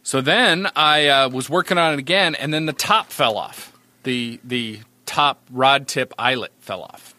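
A man from New Hampshire, a podcast co-host, telling a story in a casual, animated and self-mocking way. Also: medium pitch, measured pace, dry recording.

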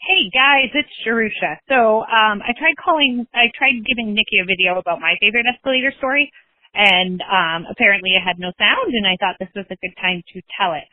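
A young adult woman calling in to tell a lively story, acting out the voices of the people in it. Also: medium pitch, fairly quick, no room sound. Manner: animated, acts out quoted voices. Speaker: caller leaving a voicemail. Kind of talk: casual storytelling. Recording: tinny phone line.

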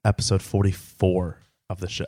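A man with a low voice co-hosts a podcast, chatting casually. He teases his co-host with dry sarcasm and quick asides. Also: completely flat delivery, mellow. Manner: teasing, sarcastic. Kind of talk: casual chat.

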